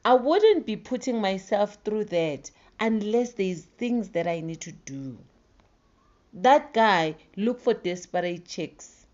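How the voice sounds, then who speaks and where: A South African woman giving casual commentary in a dramatic way, dropping to hushed tones and then getting emphatic. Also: medium pitch, animated, slow, lo-fi sound.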